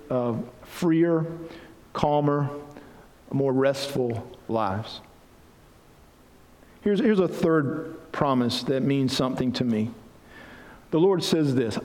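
A man's voice: on the high side, lively intonation, slow pace, pauses often, darkish tone. A man preaching a sermon as pastor, earnest and building to emphatic passages. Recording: reverberant hall.

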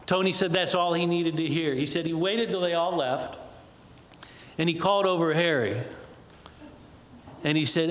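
A male preacher tells a story in a sermon, drawing out the dramatic moments. His voice sits a little high. A long reverb from a large hall hangs on every word. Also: normal speed, pauses often.

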